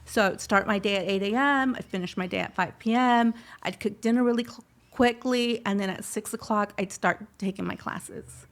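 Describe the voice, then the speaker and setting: A woman's voice: mid-range voice, moderate pace. A middle-aged woman telling her personal story in an interview, heartfelt, slipping Spanish phrases into her English. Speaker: scholarship recipient guest.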